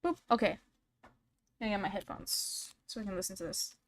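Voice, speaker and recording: A woman's voice: medium pitch, brisk. A woman commenting casually on a stream, reading messages aloud and reacting bluntly, with frequent swearing.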